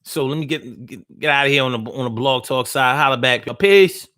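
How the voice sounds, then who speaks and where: A man's voice: mid-range voice, steady tone, fairly quick, sharp tone, no echo, clean studio sound. Loose, profane male live-show host. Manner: loose, profane, slang-heavy ranting; teasing, talks straight to listeners. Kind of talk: casual live-stream talk.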